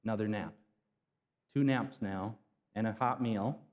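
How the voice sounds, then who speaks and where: A man's voice: on the low side, unhurried, lo-fi sound. A man preaching a conversational sermon, retelling scripture in casual everyday slang. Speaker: pastor. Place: church sanctuary. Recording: long hall reverb.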